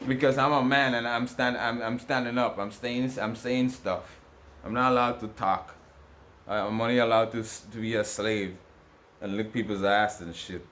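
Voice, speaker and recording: A man's voice: medium pitch, fairly even intonation, normal speed, fairly bright tone, slight background noise. A man vlogging to camera in a rambling, repetitive, aggrieved rant with many restarts. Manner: ranting, aggrieved. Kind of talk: casual monologue to camera.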